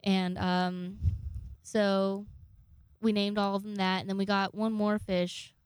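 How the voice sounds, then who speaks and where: A woman's voice: medium pitch, level tone, slow, clear, resonant tone, dry recording, clean studio sound. A young woman in her twenties telling rambling, jokey, profane stories to camera in a casual vlog. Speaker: vlogger.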